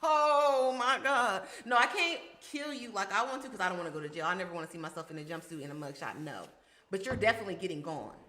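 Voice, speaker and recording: A fast-talking woman co-host reacting bluntly to a clip, her voice bright and fairly high. She swears freely and hits her words hard. The sound is echoey, as if in an open room. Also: animated. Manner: blunt, profane, emphatic. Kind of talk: casual reaction chat.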